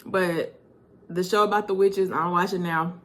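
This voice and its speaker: A woman in her thirties telling personal stories in a vlog, animated and laughing as she reminisces. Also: on the low side, normal speed. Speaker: vlogger.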